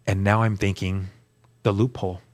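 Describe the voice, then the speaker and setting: A man, a guest on the show, telling his personal testimony in an earnest, emphatic way, dropping to a hushed voice at key moments. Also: deep voice, flat delivery, normal speed.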